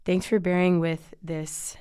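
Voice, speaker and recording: A young woman radio DJ with a hoarse voice, signing off her show in a laid-back way with lots of "um"s. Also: lowish voice, little pitch movement, measured pace, warm tone, no echo, clean studio sound. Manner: laid-back, frequent "um" fillers. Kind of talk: casual on-air sign-off. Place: radio studio.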